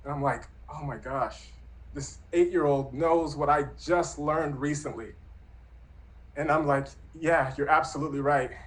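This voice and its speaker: A man in his thirties telling a true personal story in an earnest, reflective, softly spoken way. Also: a little high, steady tone, a little slow, poor audio.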